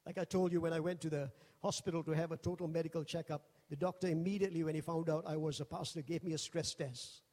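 A high-pitched man preaching from the pulpit, telling funny stories with lively energy. His voice rings out with a long hall reverb around it. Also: quick pace, hardly any pauses. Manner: jokey, animated, acts out quoted voices. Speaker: pastor. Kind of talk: humorous storytelling sermon.

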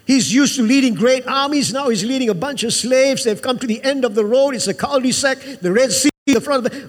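A man's voice: extremely high pitch, lively intonation, moderate pace, long reverb tail. A man preaching a sermon to a church, emphatic and repetitive, calling out to the congregation for an amen. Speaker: pastor.

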